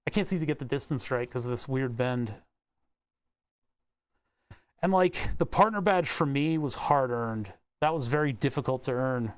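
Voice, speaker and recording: This young man from the Delaware County area of Pennsylvania, an electronics hobbyist vlogger, muses casually and playfully while building. He speaks smoothly in a mid-range voice at a moderate pace, with long pauses.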